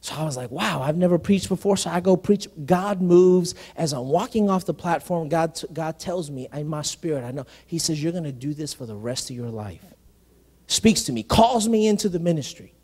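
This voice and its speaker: A male senior pastor telling a personal story in a conversational sermon, animated, often saying "listen" and restarting phrases. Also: a little high, normal speed, few pauses, slightly rough. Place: church sanctuary. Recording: live sermon in a reverberant hall.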